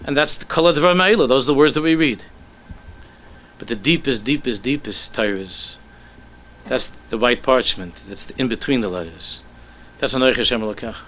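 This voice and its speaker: A man voicing a gentle older male rebbe who explains things in a hushed, slow, tender way. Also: fairly high pitch, animated, slight background noise.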